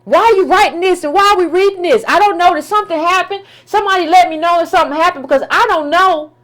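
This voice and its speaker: This high-voiced woman speaks quickly and sounds a little bright as she rants about politics. Her style is colloquial and forceful, looping back over her own words and peppering the talk with rhetorical questions.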